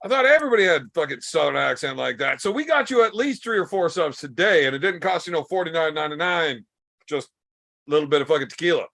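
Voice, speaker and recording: A man's voice: a little high, animated, quick pace, gravelly, a bit bright. A man hosting a podcast in casual chat, teasing his guest with crude, profane banter. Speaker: podcast host.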